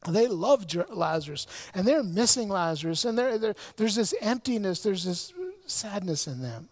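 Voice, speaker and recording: A man's voice: sits high, lively intonation, normal speed. A male pastor preaching a sermon, telling a story earnestly and often stumbling over repeated words.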